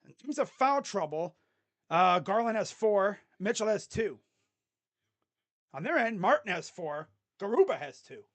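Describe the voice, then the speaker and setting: Excitable fan calling live play-by-play. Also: mid-range voice, unhurried. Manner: excitable, swings between loud calls and quiet mutters; joking, sarcastic asides. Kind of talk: casual live play-by-play reaction.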